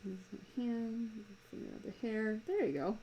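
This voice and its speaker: A woman's voice: on the high side, expressive, normal speed, mellow, a little hiss or hum, rough recording. A woman cartoonist chatting casually while she draws live at her desk, amused and rambling, laughing often. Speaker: live-drawing cartoonist and streamer. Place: home desk.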